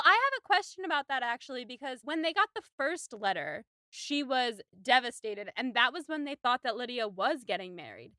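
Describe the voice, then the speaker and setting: A woman's voice: fairly high pitch, bright, forceful tone, no room sound. A woman in her twenties co-hosting a casual podcast, laying out each scene and steering the talk. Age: 20s. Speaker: podcast co-host.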